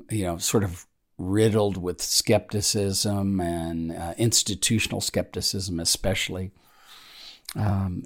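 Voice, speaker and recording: A man, a pastor, giving a daily devotional, speaking haltingly with many fillers and reading a prayer slowly. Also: sits low.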